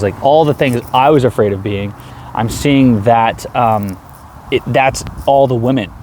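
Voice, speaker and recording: A man in his thirties, talking earnestly in a rambling personal video diary, with many halting restarts. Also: mid-range voice, a little hiss or hum. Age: 30s. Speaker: vlogger.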